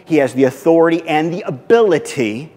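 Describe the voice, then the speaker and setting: Man preaching in a reverberant hall. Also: fairly quick. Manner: animated storytelling, repeats words, pitch climbs when excited. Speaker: pastor. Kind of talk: sermon. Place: church sanctuary.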